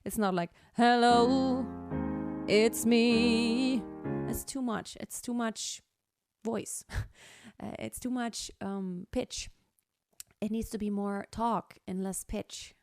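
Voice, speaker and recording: A woman singing teacher explaining a song in a relaxed, chatty way, full of fillers and restarts. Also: mid-range voice, slow pace, music in the background. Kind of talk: vocal lesson with sung demonstrations.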